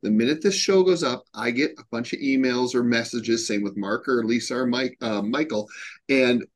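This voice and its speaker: A man's voice: mid-range voice, normal speed. Earnest male podcast co-host. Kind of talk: casual podcast chat.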